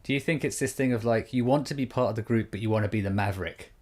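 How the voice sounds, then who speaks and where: A man's voice: fairly low pitch, quick pace, darkish tone. A man co-hosting a podcast in casual chat, easygoing and agreeable, thinking aloud as he talks. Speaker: podcast co-host.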